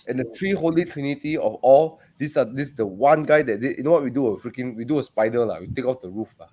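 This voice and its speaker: A man's voice: mid-range voice, fast talker. A man with a Malaysian English accent, chatting casually on a panel and telling stories with lots of laughter. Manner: animated storyteller, laughs often. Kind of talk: casual chat.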